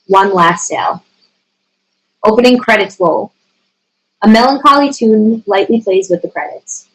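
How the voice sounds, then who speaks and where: A woman's voice: mid-range voice, poor audio. A woman steadily reading the stage directions aloud at a screenplay table reading.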